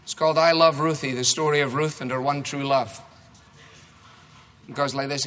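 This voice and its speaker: A man's voice: medium pitch, steady tone, moderate pace, long pauses, a bit bright. A male preacher giving a sermon and reading a rhyming children's story aloud with playful rhythm. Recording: echoey hall reverb.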